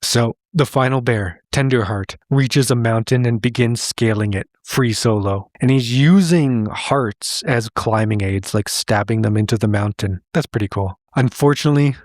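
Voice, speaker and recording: A man hosting a comedy show, recapping an old cartoon in a sarcastic, deadpan way. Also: medium pitch, moderate pace, few pauses, no echo, clean studio sound. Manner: sarcastic, deadpan storytelling with frequent laughs. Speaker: cartoon commentary host.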